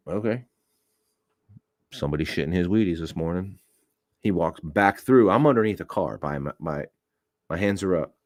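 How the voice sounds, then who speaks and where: A man's voice: low voice, dry recording, studio quality. A man hosting an open-mic podcast, telling a work story in a blunt, profane way and acting out what was said. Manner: blunt and profane, animated retelling with acted-out quotes. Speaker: podcast host. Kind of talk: unscripted storytelling rant.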